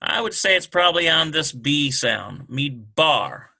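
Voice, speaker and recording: A man teaching a relaxed language lesson, working through words slowly and thinking aloud with many fillers. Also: fairly high pitch, vocal fry. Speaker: Hebrew teacher.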